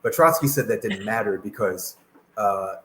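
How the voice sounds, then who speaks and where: A man's voice: on the low side, normal speed, fairly bright tone, a little hiss or hum, rough recording. A man talking as a guest in a casual political discussion over a video call, hesitant with many fillers and restarts.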